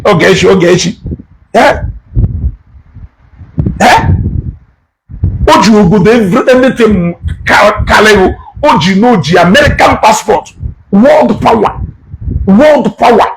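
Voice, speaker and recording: A man giving heated, animated commentary, switching languages and repeating phrases for emphasis. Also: high voice, slight background noise, rough recording. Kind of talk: heated social media commentary.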